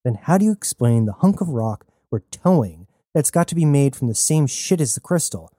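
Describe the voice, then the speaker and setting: A man's voice: mid-range voice, sing-song, moderate pace, dark tone, no echo, studio quality, natural voice. Man playing a stern, curt starship captain. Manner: commanding, curt.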